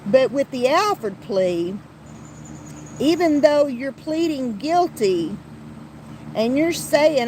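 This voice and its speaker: Slow, blunt woman podcaster. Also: high-pitched, expressive, noisy background. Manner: blunt and heated, with frequent restarts and profanity. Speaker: podcast host. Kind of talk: casual commentary podcast.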